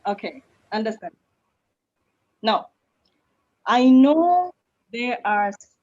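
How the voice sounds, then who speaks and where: A woman with a Malaysian accent, a public speaking coach answering questions in an online session, lively and laughing easily. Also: on the high side, takes it slowly, pauses often. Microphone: video call. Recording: lo-fi video call audio.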